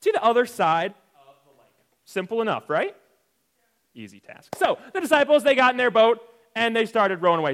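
A man's voice: very high voice, sing-song, fairly quick, long pauses, a bit bright. A young man teaching a playful, jokey Bible lesson to children, often asking the audience questions. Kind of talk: lively kids' Bible lesson.

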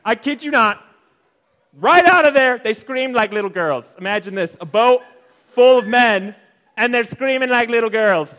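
A man's voice: sits high, lively intonation, normal speed, bright, forceful tone. A young man teaching a playful, jokey Bible lesson to children, often asking the audience questions. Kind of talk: lively kids' Bible lesson.

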